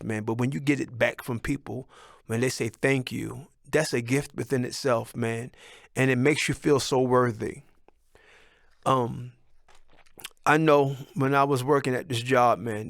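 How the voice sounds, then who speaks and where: A man's voice: mid-range voice, fairly bright tone, dry recording, studio quality. A middle-aged man telling personal stories in a rambling, heartfelt way, often ending with "man". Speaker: son of a musician, telling life stories. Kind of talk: casual personal storytelling.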